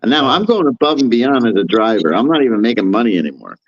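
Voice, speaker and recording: A man telling a rambling, profane story on a podcast, acting out quotes in a higher voice. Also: very animated, fast talker, dry recording. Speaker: podcast co-host. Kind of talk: casual storytelling chat. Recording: dull lo-fi sound.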